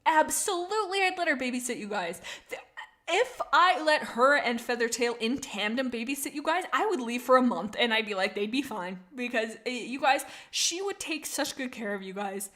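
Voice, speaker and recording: A woman's voice: on the high side, moderate pace. A young woman streaming casually, chatting with her viewers and gushing about characters she loves. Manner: gushing, excitable, reads chat aloud. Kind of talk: casual live-stream chat.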